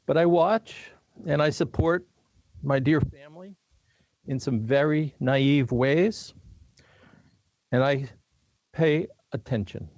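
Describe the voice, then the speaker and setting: An older man giving a formal commencement address in a measured, deliberate way with dry humor. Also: on the high side, a little mellow, no echo. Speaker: commencement speaker.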